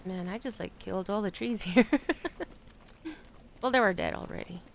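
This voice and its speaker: A woman's voice: medium pitch, moderate pace, gravelly, slight background noise. A woman casually commenting on her gameplay as a streamer, chatty with laughing asides. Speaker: game streamer.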